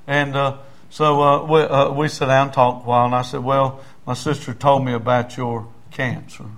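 A man's voice: medium pitch, level tone, normal speed, fairly bright tone. A man, preaching and telling a story in a folksy way, full of "I said, he said" and building to fervent emphasis. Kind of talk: testimony story in a sermon.

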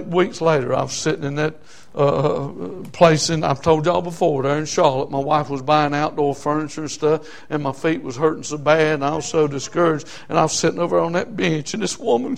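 Male pastor, high-pitched, fiery sermon delivery with hushed storytelling. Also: creaky. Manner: impassioned preaching, swinging from hushed storytelling to shouting.

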